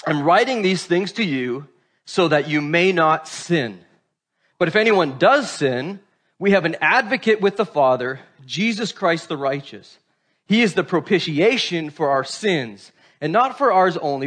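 A man's voice: sits high, fairly bright tone. A man pastor preaching a sermon, conversational in tone, often checking in with the congregation by asking "right?".

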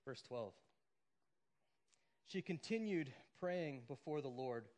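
A man's voice: mid-range voice, expressive, slow, darkish tone. A man preaching a sermon in a conversational way, often asking "right?" and acting out the people in the story. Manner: conversational preaching, acts out quoted lines, frequent "right?" and "like". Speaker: pastor.

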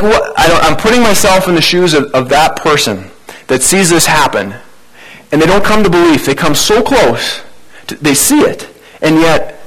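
A man's voice: mid-range voice, fairly bright tone, low-quality recording. Conversational male pastor preaching. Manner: conversational preaching with rhetorical questions. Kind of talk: sermon.

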